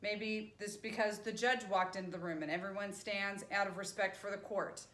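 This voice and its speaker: A woman's voice: mid-range voice, steady tone, normal speed, fairly bright tone. A woman teacher explaining grammar in a patient lecture, often checking in with "right?". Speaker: sign language teacher. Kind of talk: classroom lecture. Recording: echoey room.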